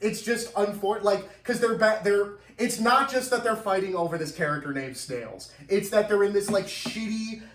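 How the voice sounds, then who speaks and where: A man's voice: high-pitched, moderate pace, few pauses, a bit bright. A man hosting a casual podcast, recapping a film in a rambling way, with lots of fillers and swearing. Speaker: podcast host. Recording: echoey room, far from mic.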